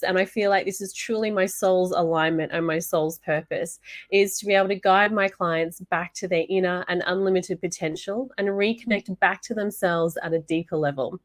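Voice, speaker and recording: A woman's voice: lowish voice, no echo, clean studio sound. Earnest Australian woman giving a talk. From Brisbane, Australia. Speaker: guest speaker, hypnotherapist. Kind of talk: prepared talk. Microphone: video call.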